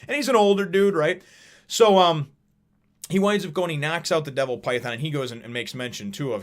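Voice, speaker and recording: A man's voice: a little high, expressive, fast talker. A man casually reviewing a manga chapter in a vlog, rambling and chatty, with plenty of swearing.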